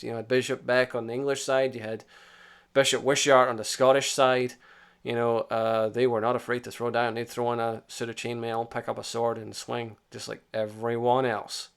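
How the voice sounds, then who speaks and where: A man talking history off the cuff, animated and blunt, with plenty of swearing. He keeps leaning on "you know" as he builds his points. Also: medium pitch, creaky. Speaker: history channel host. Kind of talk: casual unscripted monologue.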